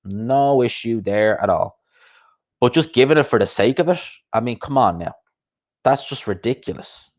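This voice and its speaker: A man's voice: mid-range voice, lively intonation, moderate pace. A man hosting a live boxing chat, rambling casually and answering viewers' comments.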